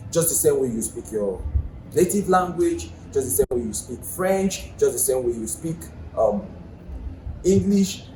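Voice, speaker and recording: A man with a Nigerian accent and a mid-range, darkish voice teaches a language lesson, animated yet unhurried. The casual video lesson is chatty and explanatory, and he asks the viewer questions. It's recorded in an echoey room with faint ambient noise.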